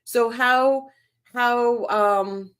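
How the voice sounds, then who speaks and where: A woman's voice: fairly high pitch, very slow, a bit bright, clean tone. A woman hosting a casual true-crime livestream, reading viewer comments aloud and reacting to them in a chatty way. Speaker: livestream host reading chat.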